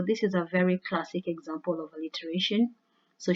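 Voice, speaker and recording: A woman's voice: lowish voice, steady tone, moderate pace, highs cut off. A woman, an English teacher, giving a recorded lesson that explains figurative language in a loose, conversational way. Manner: conversational with frequent "all right" and "you know".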